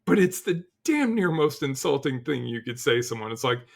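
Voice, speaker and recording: A middle-aged man, a guest on a podcast, telling stories in a casual, animated way, full of "like" and restarts, and acting out quotes. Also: mid-range voice, a little fast, gravelly. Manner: animated storyteller, acts out quotes, frequent "like" and restarts. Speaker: podcast guest, cybersecurity leader. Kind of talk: casual interview chat.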